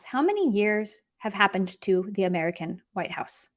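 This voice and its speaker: A woman teaching an online grammar lesson in a chatty, encouraging way, drilling example words aloud slowly. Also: mid-range voice, very animated, a bit bright. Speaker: language teacher.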